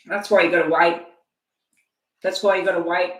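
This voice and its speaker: A woman's voice: on the low side, little pitch movement, moderate pace, echoey room, rough recording. An older woman giving a chatty, rambling live-stream tarot reading, at times talking while she eats. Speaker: tarot reader.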